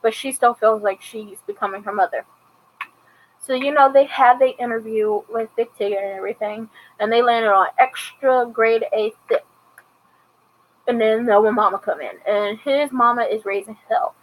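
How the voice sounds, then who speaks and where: A woman's voice: on the high side, fairly even intonation, moderate pace, a little hiss or hum, poor audio. A woman reviewing a TV episode in casual commentary, retelling it chattily and acting out the characters' lines. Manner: chatty retelling with acted-out quotes.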